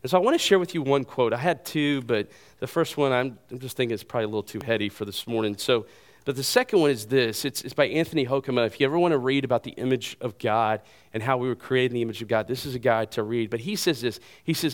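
A male pastor delivering a sermon in an earnest, emphatic way, repeating key phrases and pausing for weight. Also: medium pitch.

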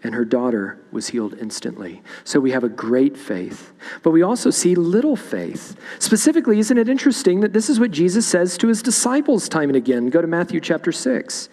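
A man's voice: fairly high pitch, lively intonation, fairly quick, few pauses, dark tone, big-room sound. A man preaching a sermon in a church, reading scripture aloud and explaining it verse by verse. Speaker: pastor. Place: church sanctuary.

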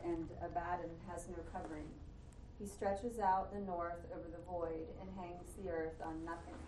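A woman in a Bible class reading scripture aloud in a steady, even voice. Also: fairly low pitch. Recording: echoey room, far from the mic, faint hum.

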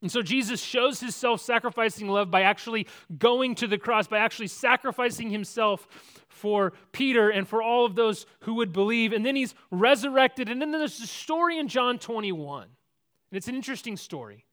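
High-voiced male pastor, dramatic preaching. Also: normal speed. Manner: storytelling with dramatic swings from loud to hushed; repeats words and restarts sentences. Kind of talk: sermon.

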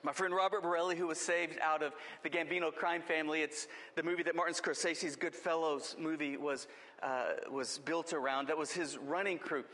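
A man's voice: fairly high pitch, steady tone, normal speed, a bit bright, big-room sound. A man preaching a sermon as pastor, with impassioned, rising emphasis.

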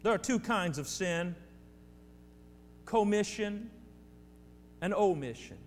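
His voice sits high and sounds animated, though his pace stays slow, as this male pastor preaches emphatically to his congregation, repeating phrases and addressing them directly. There is long hall reverb with a faint hum.

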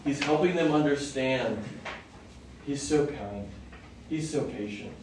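A man's voice: medium pitch, slow pace, a little mellow. Man preaching, asks the room questions, big reverberant space, faint hiss. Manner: conversational, asks the audience questions. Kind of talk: sermon, Bible teaching. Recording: echoey hall from far off, faint noise.

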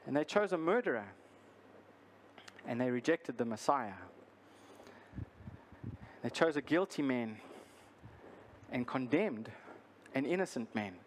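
A male pastor preaching a sermon, earnest and deliberate, repeating his key lines for emphasis. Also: medium pitch, lively intonation, a little hiss or hum.

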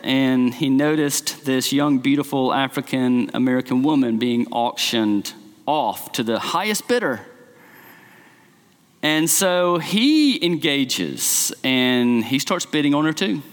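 A man's voice: on the high side, a bit bright, in a large hall. A man preaching a sermon as a pastor, telling stories in a conversational way with many "like"s. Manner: conversational storytelling, frequent "like".

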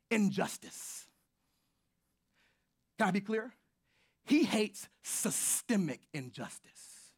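A man preaching a sermon as pastor, swinging from shouts to near whispers, with informal, joking asides to his congregation. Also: high voice.

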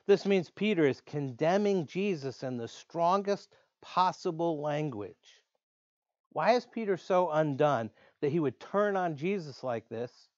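A man preaching a sermon in an earnest way, slowing down to stress key words. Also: on the high side, dry recording. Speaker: pastor. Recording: dull lo-fi dry sound.

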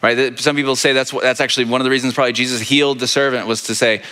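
A man with a mid-range voice preaches a sermon as pastor, talking very fast in a pushed, bright tone with fairly even intonation. He retells a scripture story conversationally, often asking "right?", amid the long reverb of a large hall.

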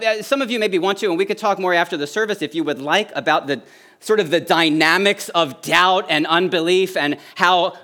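Earnest high-voiced male preacher. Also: pushed and bright. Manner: earnest, rising emphasis on key phrases. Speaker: pastor. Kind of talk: sermon.

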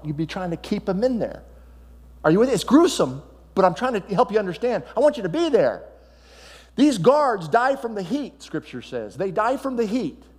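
Preaching a sermon, a male pastor relates Bible stories animatedly, moving from loud, excited passages to quiet ones. His voice is fairly high, with a long reverb tail trailing it.

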